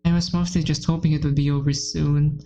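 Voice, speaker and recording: A woman's voice: low-pitched, level tone, fairly quick, dark tone, slight background noise, low-quality recording. A woman reading as a timid, anxious teen girl. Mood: recounting. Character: timid, anxious, self-blaming teenage girl. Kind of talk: reading visual novel text aloud.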